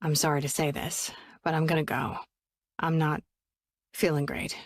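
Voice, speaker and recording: A woman voicing a gruff, guarded young man who talks low and blunt, clipped and swearing. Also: steady tone, normal speed, dry recording, studio quality. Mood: tense, guarded.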